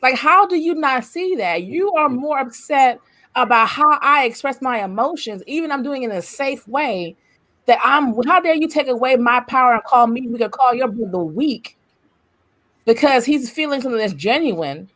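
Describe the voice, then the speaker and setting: A woman's voice: sits high, expressive, normal speed, fairly bright tone. A woman on a podcast panel, talking emphatically and passionately, hammering home repeated rhetorical questions. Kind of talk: casual discussion.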